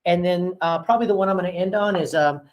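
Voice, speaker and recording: A man with a high voice speaks fast on a rough recording. He owns and runs a real estate brokerage and is holding an informal session for his agents, telling candid stories and voicing phone calls, all in a chatty style with many fillers.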